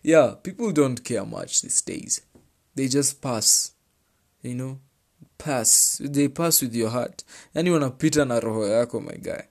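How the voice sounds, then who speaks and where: A man with a Kenyan accent talks through relationship advice in a loose, conversational way. He hammers points home by repeating them and drifts between English and Swahili slang. His voice sits at an ordinary middle pitch. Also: expressive, a little slow, vocal fry, a little mellow. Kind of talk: casual chat reading out viewer advice.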